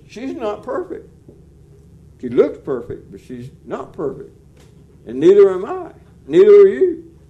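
Older preacher, man in his 60s; folksy sermon delivery, high but mellow voice, punchy loud emphasis. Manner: folksy, animated, rising to loud emphatic peaks.

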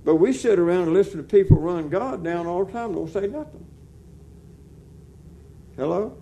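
A man preaches with folksy, animated energy. His voice sits high for a man but has a dark, mellow tone. He swells to loud, emphatic peaks. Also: moderate pace, vocal fry, a little hiss or hum. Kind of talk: sermon.

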